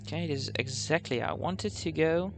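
A young man hosts a let's-play on his gaming channel, thinking aloud as he plays and saying "okay" again and again in casual commentary. His voice is a little high and fairly quick, heard over music.

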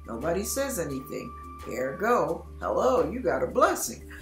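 A woman's voice: fairly low pitch, big pitch swings, moderate pace. A woman giving a devotional message, telling a story as a scenario and acting out panicked inner voices. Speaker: Christian vlogger. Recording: echoey room with soft background music.

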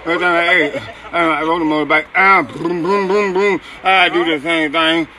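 A man rambling excitedly on a city street, filmed by bystanders on a phone, repeating calls of "hey". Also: fairly high pitch, normal speed, crowd noise. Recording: loud street traffic noise.

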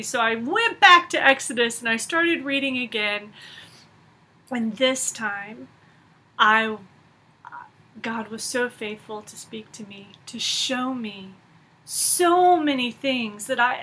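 A woman giving an earnest, storytelling faith talk, often letting her phrases trail off softly. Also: sits high. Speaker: conference speaker.

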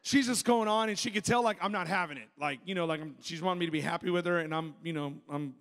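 High-voiced pastor preaching in a reverberant hall. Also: male voice, quick pace, vocal fry. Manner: animated, joking, conversational preaching. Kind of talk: sermon with personal storytelling. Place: church sanctuary. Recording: long reverb of a large hall.

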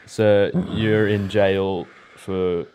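A man acts out a smug police constable. His voice is low and his delivery stays flat and officious. He lectures the prisoner in a dry, deadpan way. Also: drawn-out words, slight background noise. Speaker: comic sketch actor. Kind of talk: improvised comedy sketch.

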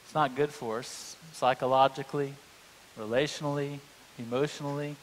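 A man's voice: mid-range voice, fairly even intonation, moderate pace, slight background noise. A male pastor, preaching a sermon in a humorous, conversational storytelling way. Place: church sanctuary. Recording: long church reverb.

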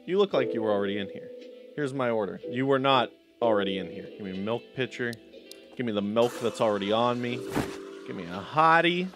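A young man cracks sarcastic jokes as he plays, talking back to the game's characters at a middle pitch. Game music plays clearly behind him. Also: lively intonation, a little fast. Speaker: gaming YouTuber. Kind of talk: let's play commentary.

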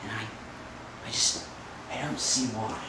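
Man acting out a scheming hustler, halting, repetitive, quietly sinister, very echoey room, heard from far, noisy background. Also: on the low side, steady tone, close to an everyday voice. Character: scheming immigrant hustler man, smugly menacing. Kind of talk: acting-class film monologue. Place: large echoey studio kitchen.

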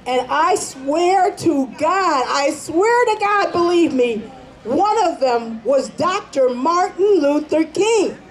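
A woman's voice: high-pitched, animated, takes it slowly, poor audio. Woman playing an eager eight-year-old girl. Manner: breathless, eager first-person telling.

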